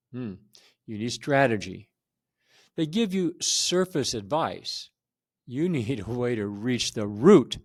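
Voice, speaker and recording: Guy talking slow and steady to his viewers, earnest and reassuring, mid pitch. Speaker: host of a men's support channel. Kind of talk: direct-to-camera talk.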